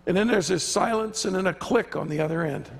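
A man with a high voice, vocal fry, and a slightly fast pace preaches emphatically as a visiting preacher in a church sanctuary. He acts out the quoted voices, and the recording has church hall reverb plus a little hiss or hum.

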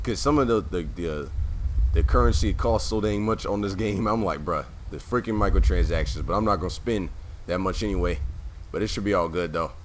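A low-voiced man rambles through casual gameplay commentary, full of fillers and self-corrections. His voice keeps giving out, and he clears his throat now and then, over a faint hiss.

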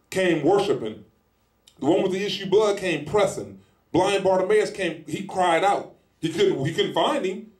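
Male preacher, fairly high voice, lively sermon, echoey church hall. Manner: animated, acts out scenes in lively voices; speaks in informal colloquial style.

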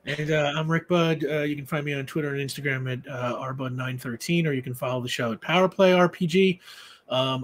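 A man narrating a tabletop game as game master, with loose narration full of fillers. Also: a little high.

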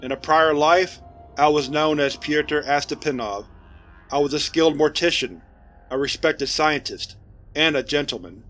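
A man voicing a sly male spirit that speaks from a coffin, in a soft, hushed and mocking way, with faint music behind. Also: on the high side, animated, normal speed, few pauses, lightly acted. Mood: softly taunting.

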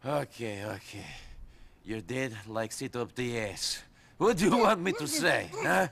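A man's voice: mid-range voice, expressive, slow, vocal fry, fairly bright tone, full character voice. An actor playing a tough, sarcastic immigrant man in a video game cutscene. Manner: sarcastic, dry under threat.

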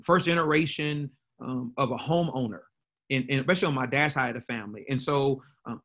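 A man's voice: mid-range voice, a bit bright. A middle-aged man, a pastor, telling a personal story to a church audience in an earnest way that often repeats and restarts words.

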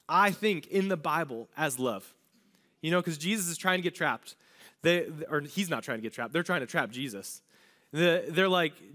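A man preaching to his church in a relaxed, chatty way, his voice sitting a little high. He keeps slipping into quick acted-out asides as he makes his point. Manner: casual, conversational preaching with lots of "like" and acted-out asides. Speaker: pastor. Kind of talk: sermon.

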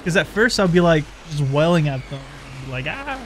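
A man's voice: fairly high pitch, normal speed, slight background noise. A man co-hosting a gameplay video, chatting casually, rambling with lots of "like", laughing and swearing freely. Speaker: let's play co-host. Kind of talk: casual gaming chat.

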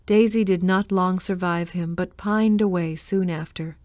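A woman reading a storybook aloud in a measured, expressive way. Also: on the low side, no echo, clean studio sound. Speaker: reader. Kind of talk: storybook narration.

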